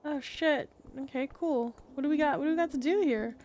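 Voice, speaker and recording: A young woman streams a story game, reading its dialogue aloud and breaking off into chatty, sarcastic asides with the odd swear word. Her voice sits a little high. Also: fairly quick, a little mellow.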